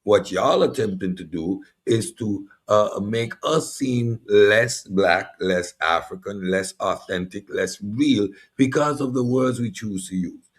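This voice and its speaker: A man with a Caribbean accent hosting a casual panel talk, animated and drawing out key words. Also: lowish voice, slow pace, hardly any pauses, husky. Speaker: podcast host.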